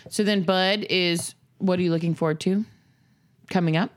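A woman's voice: fairly low pitch, fairly even intonation, moderate pace. A woman in casual podcast chat, matter-of-fact and reassuring.

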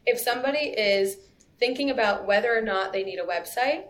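A young adult woman in a casual podcast interview, chatty and quick, full of asides. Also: fairly high pitch, lively intonation, fairly bright tone. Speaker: guest copywriter.

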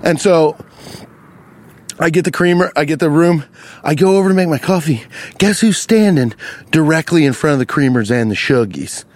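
A man with a somewhat high voice spins a rambling comic story, his pitch swinging widely as he leaps into loud, squeaky asides. His delivery is loose and profane, and he talks while walking outside by a lake. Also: lively intonation, moderate pace, no echo. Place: outdoors walking beside a lake.

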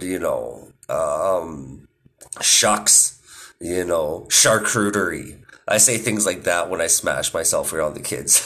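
Foul-mouthed rambling man, low voice. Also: a bit bright. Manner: profane, rambling, laughs at own jokes. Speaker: podcast host. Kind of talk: casual monologue.

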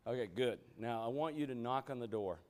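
A man's voice: medium pitch, fairly quick. Emphatic man leading a Bible study. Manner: emphatic, keeps asking "you know what?", exclamatory bursts. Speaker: church meeting leader. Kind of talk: interactive Bible study preaching.

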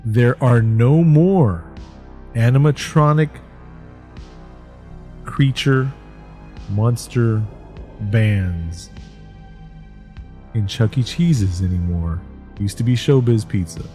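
A man in his forties, a podcast co-host who tells stories in casual movie chat, animated and profane. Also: mid-range voice, slow, long pauses, soft background music.

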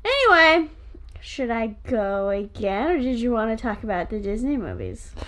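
A woman co-hosting a podcast in casual chat, animated, laughing often and swearing freely. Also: on the high side, moderate pace. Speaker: podcast co-host.

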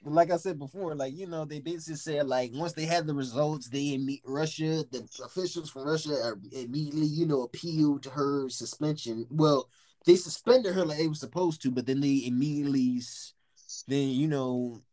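A man co-hosting a casual podcast, reading a news article aloud in a halting way full of filler words. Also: fairly high pitch, warm tone, dry recording.

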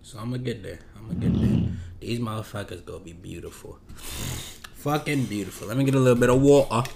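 A man's voice: medium pitch, lively intonation, a little fast, creaky, noisy background. Laid-back rambling male podcaster. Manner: laid-back, rambling, slangy, drifts off topic. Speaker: podcast host. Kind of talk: casual solo podcast chat.

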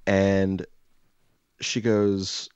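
A man telling a personal story in a loose, animated way, cursing freely and acting out what people said. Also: sits low, extremely slow, clear, resonant tone, no room sound. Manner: animated, profane, acts out dialogue. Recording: dull, dry lo-fi sound.

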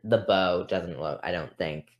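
A woman with an unusually deep, low-pitched voice chats on a podcast. She rambles from thought to thought and pokes fun at herself, keeping it loose and easygoing. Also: a little slow, muffled recording. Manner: chatty, rambling, self-deprecating. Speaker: podcast co-host. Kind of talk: casual chat.

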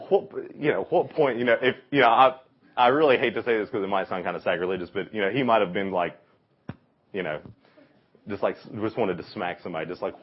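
A man teaching a youth Bible lesson, telling the story in an animated way and acting out the voices of its people. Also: on the low side, brisk, breathy edge. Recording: dull lo-fi recording.

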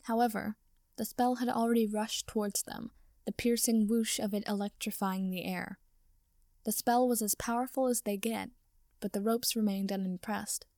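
A woman reading a story aloud as narrator, in a steady storytelling manner. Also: medium pitch, moderate pace, no room sound, clean studio sound. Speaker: audiobook reader. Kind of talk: fan fiction reading.

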